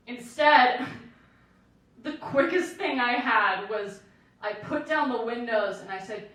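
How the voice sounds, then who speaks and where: A woman in her late twenties performing a stand-up set, telling self-deprecating stories in an animated way. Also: a little high, slow, pauses often. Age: late 20s. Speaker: stand-up comedian. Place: comedy club stage with audience laughter. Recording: echoey room, distant mic, audible noise.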